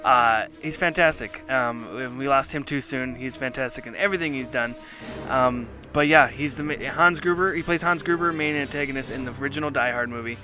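A man's voice: mid-range voice, a little fast, over music. A man co-hosting a casual chat show, talking enthusiastically and rambling with many fillers. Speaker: podcast co-host.

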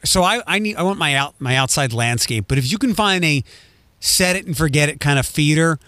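A man who hosts radio, chatting easily with a friend. His voice sits a bit on the high side and keeps tripping into fillers and restarts. The sound is dry, with no room around it. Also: lively intonation, a little fast, pushed and bright, no echo. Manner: chatty, self-interrupting with fillers. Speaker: radio host. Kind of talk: casual chat.

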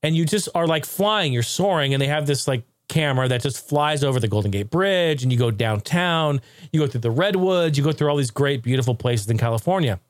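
A man's voice: medium pitch, animated, fairly quick, no room sound, studio quality. A man hosting a casual tech talk show, swearing freely, laughing often and rambling animatedly.

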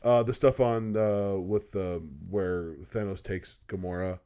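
A man's voice: lowish voice, steady tone, measured pace, dark tone, clear, resonant tone. A young man co-hosting a podcast in casual chat. He rambles enthusiastically and uses a lot of fillers.

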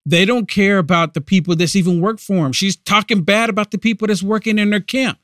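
A man's voice: sits high, brisk, fairly bright tone, no echo, studio quality. A man hosting a political podcast, giving indignant, emphatic commentary. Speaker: podcast host.

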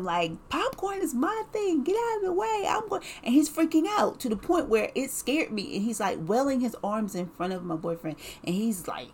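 A woman casually telling a personal story in an animated way, full of "like" and laughs. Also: medium pitch, a little hiss or hum.

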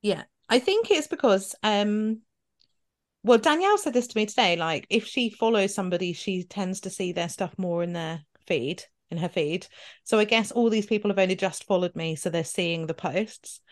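A woman's voice: medium pitch, animated, normal speed. A woman, co-hosting a podcast in giggly, chatty and sweary casual talk. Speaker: podcast co-host. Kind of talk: casual chat.

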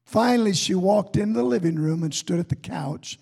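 Slow, gravelly preaching man in a hall. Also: high voice, darkish tone. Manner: folksy, builds to fervent preaching. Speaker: pastor. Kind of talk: sermon with storytelling. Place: church sanctuary.

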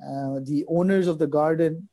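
Quick, halting man, warm and high. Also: steady tone, no echo. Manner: quick, halting delivery with many fillers and repeated words. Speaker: religious guest speaker. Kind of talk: recounting a religious story in conversation.

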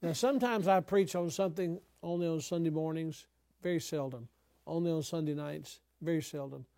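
An older man, a pastor, teaching other preachers in an emphatic style that breaks into sudden loud exhortations. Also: fairly high pitch, a little fast, vocal fry, no echo, clean studio sound.

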